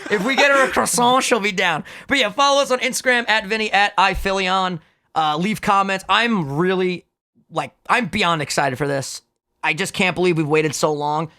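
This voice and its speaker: Young male podcast co-host, energetic and profane, bright edgy tone. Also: high-pitched. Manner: hyped, swears a lot, fast banter. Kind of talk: casual podcast chat.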